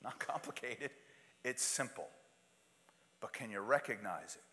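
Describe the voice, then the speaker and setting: A man preaching a sermon, swinging from loud, urgent passages to hushed, intimate asides, and acting out quoted prayers and pleas. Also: mid-range voice, animated, unhurried. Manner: acts out quoted prayers and pleas in different voices. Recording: long hall reverb.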